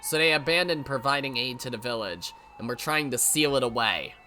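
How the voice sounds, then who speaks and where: A man reads a visual novel aloud as a let's play host, his voice very bright and tight. He drops wry, sarcastic comments between the narration, over a faint background hum. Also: mid-range voice, fairly quick.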